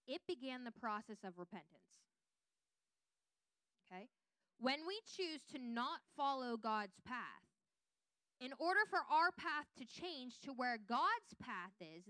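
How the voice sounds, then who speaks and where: A woman teaching a Bible lesson, reading scripture aloud with lively voiced quotes and checking in with her listeners. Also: a little high, clear, resonant tone, no echo.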